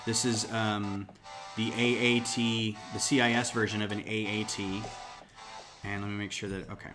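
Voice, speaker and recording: A man with a low voice hosts a casual livestream from home, rambling and thinking aloud as he builds. He sits a little back from his desk mic, and music plays clearly underneath. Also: level tone, moderate pace. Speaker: host of a LEGO design livestream. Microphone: desk mic, a bit farther off than usual.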